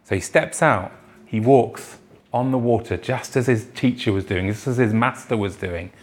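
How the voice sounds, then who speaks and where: A male pastor preaching in church in a plain, conversational way. He slips into character for the quoted voices in his stories, then returns to an even, everyday tone. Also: on the low side, normal speed. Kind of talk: sermon.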